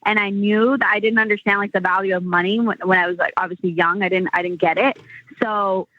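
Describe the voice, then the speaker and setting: A woman's voice: medium pitch, steady tone, a little fast, no echo. Rambling woman on a tinny line. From United States. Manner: rambling, many "like" fillers and restarts. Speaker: entrepreneur guest. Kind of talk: casual interview chat. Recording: tinny phone-line sound.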